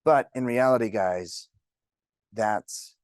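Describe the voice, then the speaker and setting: A man's voice: fairly low pitch, takes it slowly, dry recording, clean studio sound. A man teaching a real estate class, telling joking stories to the room. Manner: jokey, storytelling. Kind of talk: classroom talk.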